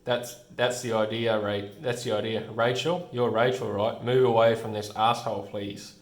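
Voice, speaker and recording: Man voicing a tense comic-book cop, firm and plain, low voice, roomy echo. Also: steady tone, moderate pace, lightly acted. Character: tense male cop holding a gunman at bay.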